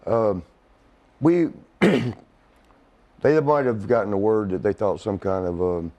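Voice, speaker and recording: A man, a former wrestler, telling stories in a relaxed, rambling way, often laughing. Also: fairly low pitch, takes it slowly, lo-fi sound. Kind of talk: casual storytelling interview.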